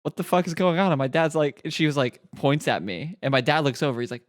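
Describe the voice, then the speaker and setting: Young male co-host, slightly high voice, animated and profane storyteller. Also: quick pace, dry recording, studio quality. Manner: animated storytelling, swearing often. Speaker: podcast co-host. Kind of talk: casual chat.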